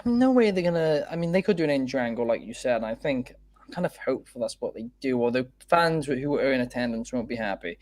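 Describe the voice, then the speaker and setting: A man's voice: mid-range voice, darkish tone, no echo. A man co-hosting a casual wrestling chat show, talking in a loose way with plenty of fillers and restarts. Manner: chatty, frequent fillers and restarts. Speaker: podcast co-host.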